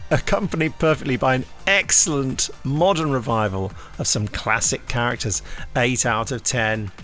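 A playful man co-hosts a chatty podcast, reading reviews aloud and struggling not to laugh. His voice sits at an ordinary middle pitch. Faint music plays quietly behind him. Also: unhurried. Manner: giggly, playful, keeps breaking into laughter. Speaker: podcast co-host. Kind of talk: casual chat reading out reviews.

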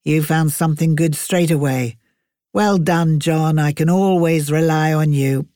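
A woman voicing a cheerful, easily distracted eccentric gentleman professor who talks with breezy enthusiasm. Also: on the high side, fairly even intonation, measured pace, no echo, clean studio sound, close to an everyday voice.

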